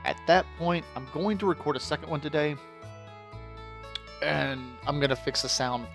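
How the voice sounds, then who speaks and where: A man's voice: fairly high pitch, normal speed, creaky, music in the background. A man giving casual, joking let's play commentary, swearing freely and laughing often. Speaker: gamer.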